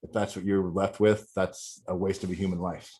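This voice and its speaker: A man's voice: deep voice, flat delivery, moderate pace, warm tone. A middle-aged man talking as a podcast guest, telling a candid personal story in a rambling, profane way with many restarts.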